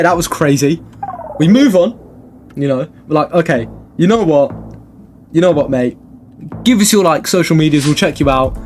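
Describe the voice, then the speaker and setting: A young man spins a rambling, excitable storytime with a fairly high voice and loose swearing. Faint music plays underneath. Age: young adult. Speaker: streamer telling a story. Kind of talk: casual storytime vlog.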